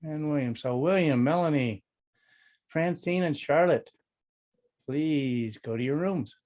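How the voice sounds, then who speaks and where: A man calls out names from a list and sends people to their rooms, matter-of-fact over a video call. His pitch runs a touch high for a man. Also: a little slow, a little mellow. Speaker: meeting organizer assigning breakout rooms.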